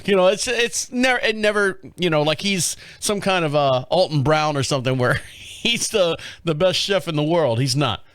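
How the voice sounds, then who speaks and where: A man's voice: on the high side, normal speed, no room sound. Rambling man telling a story. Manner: rambling, animated, many restarts and chuckles. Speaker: podcast host. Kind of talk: casual storytelling monologue.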